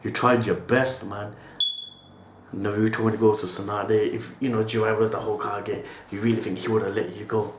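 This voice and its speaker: A man's voice: lowish voice, flat delivery, moderate pace, slight background noise. A man giving an emotional reaction monologue as an anime reaction host, talking in slang and tagging his lines with a casual "yo". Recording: roomy echo.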